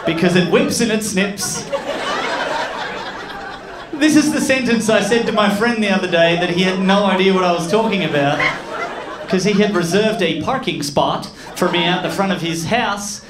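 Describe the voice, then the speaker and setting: A man with an Australian accent doing an animated stand-up comedy set, telling stories with loud voiced impressions. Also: high voice, normal speed. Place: comedy club stage with audience laughter. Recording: echoey club with loud room noise.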